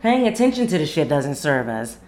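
A woman's voice: very animated, fairly quick, a little mellow, slight background noise. Candid, laughing young woman telling a story. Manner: candid, profane and laughing, with big pitch jumps when quoting. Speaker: podcast host and singer. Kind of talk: casual storytelling rant.

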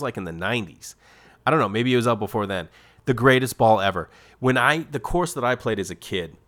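A middle-aged man, hosting a podcast in a comedic, casual monologue that jumps into exaggerated voices. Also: fairly low pitch. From Massachusetts. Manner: animated storytelling with exaggerated quoted voices. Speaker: podcast host.

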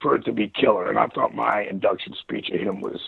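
A man with a gravelly, husky voice pitched a little high tells rambling, animated stories as an interview guest. His voice comes through a tinny, phone-like line that sounds dry and close. He laughs often between his stories. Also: brisk, no room sound. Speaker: interview guest, former wrestler. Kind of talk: casual interview chat.

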